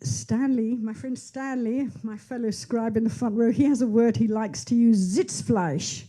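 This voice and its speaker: A woman in her sixties, being interviewed onstage at her book launch in a bookshop, speaks in a high-leaning yet dark voice with a steady tone at normal speed. Her chatty answers ramble, full of asides and restarts.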